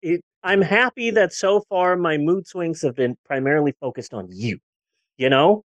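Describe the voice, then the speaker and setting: A woman's voice: low-pitched, expressive, normal speed, no room sound, muffled recording. Candid woman in her forties, dry sound. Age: 40s. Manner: candid, rambling, with frequent restarts. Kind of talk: casual podcast chat.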